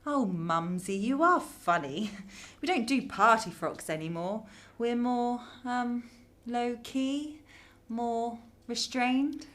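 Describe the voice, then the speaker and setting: A woman's voice: a little high, slow, fairly bright tone. A woman playing a young woman under AI control. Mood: cheerful. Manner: meek with the AI, bubbly with her mum. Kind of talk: radio drama acting.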